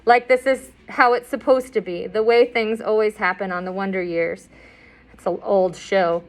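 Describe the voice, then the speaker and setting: A woman's voice: medium pitch, steady tone, normal speed. Casual woman reading a novel aloud. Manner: conversational, adds asides and fillers. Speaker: audiobook reader.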